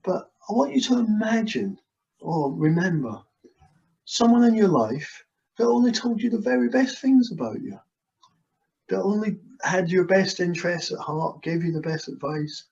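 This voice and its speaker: A man's voice: high voice, sing-song, moderate pace, creaky, darkish tone. A man working as a hypnotist, leading a guided session with soothing, repetitive suggestions over a video call. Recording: dull lo-fi video call audio.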